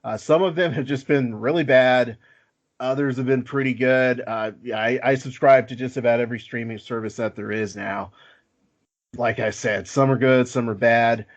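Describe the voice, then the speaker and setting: Chill guy hosting a nerd podcast, rambly, jokes on himself, mid pitch, kinda muffled sound. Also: fairly even intonation, moderate pace. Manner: easygoing, self-deprecating, lots of filler. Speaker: podcast host. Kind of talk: casual podcast chat. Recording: slightly dull lo-fi audio.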